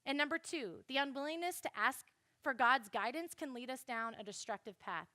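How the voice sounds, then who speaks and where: A young woman giving a classroom Bible lesson, animated and speaking straight to her listeners. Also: high voice, normal speed, dry recording, studio quality. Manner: animated, addresses listeners directly.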